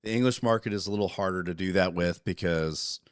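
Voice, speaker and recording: Man, very deep voice, casual podcast chat, cursing freely, dry close sound. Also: a little fast, no room sound. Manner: profane, animated, talks through interruptions. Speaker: podcast co-host.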